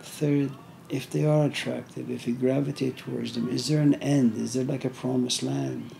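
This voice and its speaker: A man's voice: medium pitch, steady tone, moderate pace, gravelly, mellow, a little hiss or hum. A man giving an informal philosophy lecture, talking conversationally with many "you know"s and story asides.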